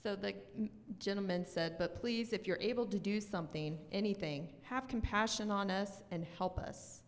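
A woman reading Bible verses aloud to a church group, slow and measured. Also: medium pitch. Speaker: scripture reader. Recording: distant mic in a reverberant hall.

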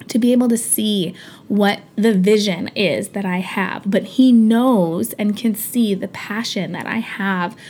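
In a casual motivational monologue, a podcast host in her thirties talks in a chatty, earnest way, with plenty of fillers and restarts. Her medium-pitched voice is a little mellow, and there's a slight hiss or hum on the recording.

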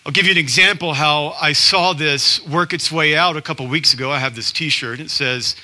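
A man's voice: fairly high pitch, normal speed, few pauses, bright, forceful tone. A man preaching a sermon as pastor, telling stories in a conversational, self-deprecating way and acting out quotes.

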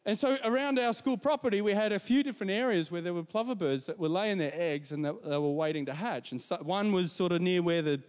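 A man's voice: sits high, fast, few pauses, big-room sound. A man preaching a sermon, telling personal stories with asides to the congregation. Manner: warm storytelling with repetitions and asides to the congregation. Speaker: pastor.

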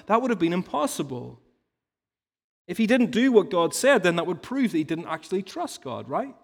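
A man's voice: high-pitched, big pitch swings, a little fast. A man preaching a sermon in an earnest teaching tone, explaining through stories and rhetorical questions. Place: church hall. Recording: long reverb of a large hall.

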